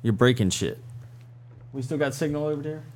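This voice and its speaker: A man's voice: mid-range voice, animated, fairly quick, a little hiss or hum. Loose, joking male podcast host. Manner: loose, swearing, laughs easily. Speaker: podcast host interviewing a band. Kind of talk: casual joking interview.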